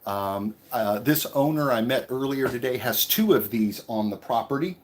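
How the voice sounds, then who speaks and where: A man's voice: medium pitch, lively intonation, moderate pace. A man hosting his own live stream, chatting casually and greeting viewers by name from inside a tiny micro house. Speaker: YouTube channel host. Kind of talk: live-stream vlog tour and Q&A.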